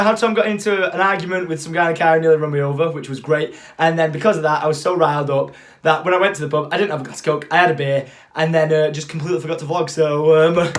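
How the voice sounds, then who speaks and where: A young man vlogging from England, acting out the people in his story with lots of swearing. His voice sits high and he talks very fast, full of energy. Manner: animated, swears freely, acts out quotes. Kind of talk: storytelling vlog.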